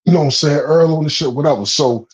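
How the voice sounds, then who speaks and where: A man with a fairly high voice spins a street story in loose, profane chat, laughing as he goes and jumping in pitch when he gets worked up. He is relaxed and conversational. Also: quick pace, poor audio.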